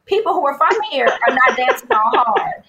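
A woman from New Orleans, a podcast guest, telling stories in an animated way and mimicking other people's voices. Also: sits high, normal speed, vocal fry, heavy background noise. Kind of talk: casual storytelling chat.

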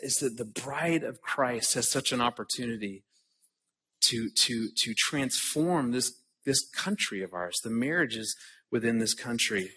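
A man's voice: mid-range voice, bright, forceful tone, husky. A man in his forties giving an earnest conference talk, telling a personal story and often repeating words as he starts a sentence. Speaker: conference speaker.

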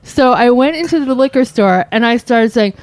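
A woman's voice: fairly high pitch, animated, normal speed, noisy background. A woman co-hosting a radio show, telling brash stories in casual chat and laughing often. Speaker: radio co-host.

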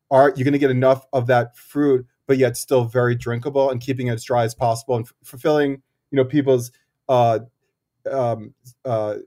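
A man, a cider maker and guest, talking in a thoughtful, halting way with many fillers and restarts. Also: mid-range voice, mellow. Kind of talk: casual interview talk.

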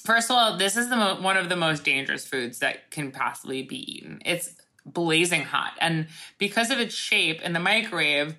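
Casual podcast co-host, woman, bright and a bit low-pitched, sarcastic and swearing as she rambles. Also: lively intonation, normal speed. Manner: profane, sarcastic, rambling with many fillers.

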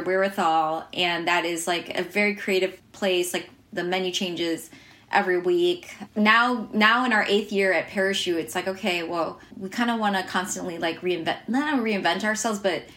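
A woman's voice: on the low side, moderate pace, fairly bright tone. An American woman chef telling her story in an interview, chatty and full of fillers and restarts, laughing now and then. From United States.

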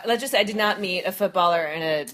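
A woman's voice: fairly low pitch, fast, a bit bright. A woman hosting a podcast in casual chat, talking freely and laughing easily. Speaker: podcast host. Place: New York.

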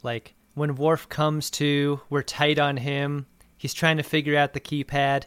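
A man's voice: on the high side, little pitch movement, a little slow, a bit bright, smooth, dry recording. A man with a thin, reedy voice, co-hosting a podcast in a casual, playful way as he recaps and riffs. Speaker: podcast co-host.

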